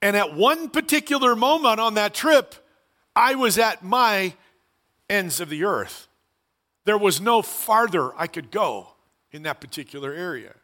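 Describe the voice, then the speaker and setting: A man preaching a sermon as pastor, earnest and conversational with animated asides. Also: high voice, measured pace.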